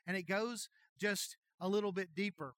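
A middle-aged man preaching a sermon as pastor, telling folksy jokey stories in an animated way. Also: high voice, normal speed, no echo.

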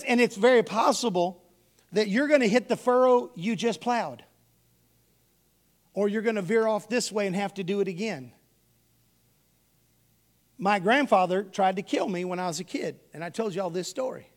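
High-voiced preacher spinning folksy stories. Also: male voice, moderate pace, long pauses. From Texas. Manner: folksy storytelling, addresses the congregation as y'all. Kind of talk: sermon with personal stories.

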